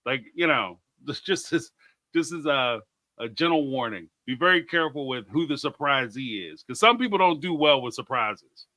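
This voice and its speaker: A man's voice: medium pitch, lively intonation, moderate pace, bright, forceful tone, no room sound. A man from Atlanta, hosting a casual chat and reading viewer comments. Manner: chatty, laughs often, reads viewer comments aloud. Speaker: host.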